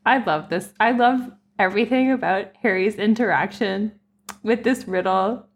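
A woman's voice: mid-range voice, moderate pace. A woman guest on a podcast, chatting casually with many fillers. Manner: chatty, lots of likes. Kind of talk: casual chat.

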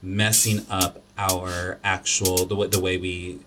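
A man's voice: deep voice, level tone, takes it slowly, noisy background. A man hosting a podcast, talking through his opinions in a loose, rambling way, full of restarts and fillers. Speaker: podcast host. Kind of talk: casual opinionated chat.

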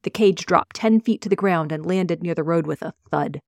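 A woman reads her own fantasy novel aloud in a measured, expressive way. Her voice sits low. The sound is dry and close. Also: gravelly, dry recording. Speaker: author reading her novel. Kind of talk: audiobook reading.

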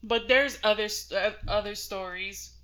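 A woman's voice: mid-range voice, normal speed, sharp tone. A woman co-hosting a podcast in casual chat, blunt, crude and teasing. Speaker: podcast co-host.

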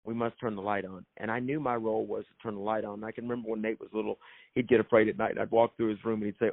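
A man's voice: fairly low pitch, level tone, quick pace, vocal fry, no echo. A man, an author and minister, telling his faith story as a guest in an emphatic, preacherly way and repeating phrases for effect. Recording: thin phone-like sound, dry.

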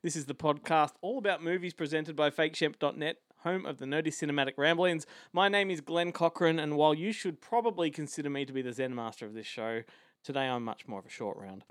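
A man hosting a movie podcast, jokey and quick to laugh. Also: on the high side, a bit bright, no room sound, clean studio sound. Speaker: podcast host. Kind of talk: casual movie podcast chat.

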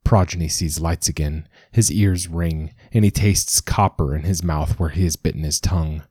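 A man reading a dramatic story as narrator, in a measured storytelling manner. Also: deep voice, warm tone, breathy edge, no echo, studio quality. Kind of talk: scripted narration.

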